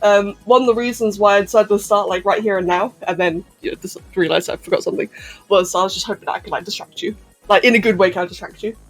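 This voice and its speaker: A woman's voice: mid-range voice, fairly even intonation, fast, soft background music. A woman chatting casually on a live stream, hyper and giggly, answering chat messages as she goes.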